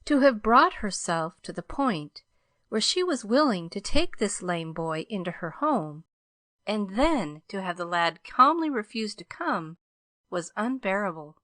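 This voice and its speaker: A woman reading an audiobook aloud in measured, even scripted narration. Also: mid-range voice, no room sound, clean studio sound.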